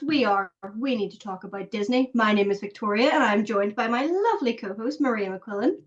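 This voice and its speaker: A woman's voice: fairly high pitch, expressive, a little fast, few pauses. A woman with a Northern Irish accent hosting a podcast, chatting and laughing easily. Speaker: podcast host. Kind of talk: casual chat. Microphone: video call. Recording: dull lo-fi video call audio.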